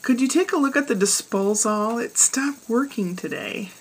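A woman's voice: a little high, normal speed, husky. A woman voicing a timid, put-upon housewife who asks hesitantly and pleadingly, in a told joke.

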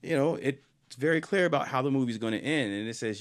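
A man's voice: mid-range voice, fast talker. A man co-hosting a casual film podcast, talking enthusiastically with lots of fillers and restarts. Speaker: podcast co-host.

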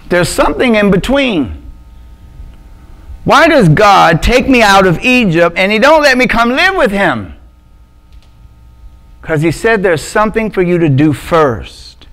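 A man from Montgomery with a Southern Alabama accent, preaching a relaxed sermon in a church hall. He jokes and uses slang, and his voice sits a little high for a man. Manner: joking, loose and conversational, with slang. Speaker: pastor. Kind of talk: casual sermon. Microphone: microphone with adjustable sound.

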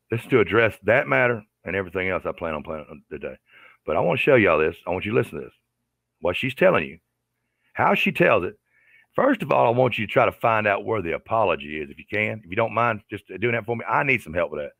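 Gravelly, low-voiced man ranting angrily. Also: sing-song, fast, a bit bright, no room sound, studio quality. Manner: aggravated, profane, repetitive. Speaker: livestreamer. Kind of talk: angry commentary rant.

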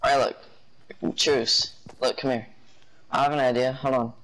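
A man's voice: mid-range voice, level tone, normal speed, fairly bright tone, poor audio. A man in an online game, chatting and teasing another player with lots of laughter.

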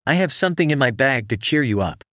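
A man's voice: mid-range voice, expressive, fast, a bit bright, dry recording, studio quality, lightly acted. A man voicing a clever, cheeky talking cat in boots in a storybook. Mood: sly.

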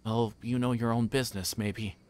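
A man's voice: mid-range voice, fairly even intonation, normal speed, a little mellow, lightly acted. A man voicing a fussy, anxious middle-aged male innkeeper who stammers, in a book reading. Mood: grumbling. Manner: flustered, stammering.

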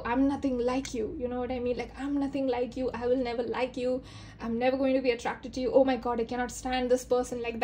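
Lady doing a chatty tarot reading, kinda high voice, lots of likes and you know, acts out quotes. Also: slight background noise. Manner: rambling, filler-heavy, acts out quoted lines. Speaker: tarot reader. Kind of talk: casual spoken tarot reading.

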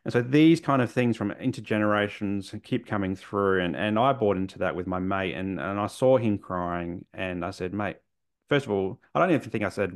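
A middle-aged man talks through his thoughts in an interview. His voice sits low and carries a gravelly rasp. He circles back and restarts often, sincere and reflective. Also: fairly quick. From Australia. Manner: earnest, rambling with frequent restarts. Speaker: guest, men's mental health therapist.

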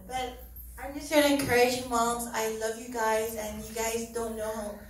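A slightly high-voiced middle-aged woman delivers a heartfelt church testimony at normal speed, with fairly even intonation and frequent laughter. A little hiss or hum is audible, and the far-off mic picks up the very echoey church hall.

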